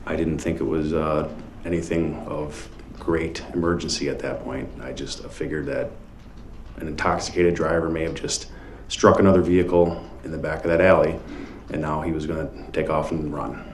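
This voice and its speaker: A man with an extremely low voice answers questions on the witness stand in short, measured replies. The courtroom echo is roomy, and faint room noise sits underneath. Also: steady tone. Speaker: police officer testifying as a witness. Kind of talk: witness testimony. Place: large courtroom.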